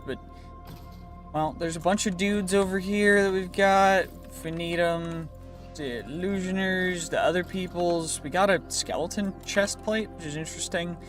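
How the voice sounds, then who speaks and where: Casual male gamer narrating his own playthrough, light upper voice, goofy half-accent, soft music underneath. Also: on the high side. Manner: chatty, playful, with a half-joking put-on accent. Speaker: gaming YouTuber. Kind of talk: casual gameplay commentary.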